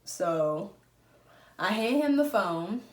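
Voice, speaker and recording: A woman vlogger telling a story in a lively, profane storytime style. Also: mid-range voice, slow. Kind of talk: storytime vlog. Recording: roomy echo.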